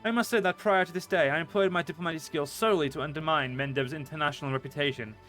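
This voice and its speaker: A man's voice: fairly high pitch, fast talker, fairly bright tone, soft background music, close to an everyday voice. A man reading the lines of a smug young noble diplomat from a game. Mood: wry.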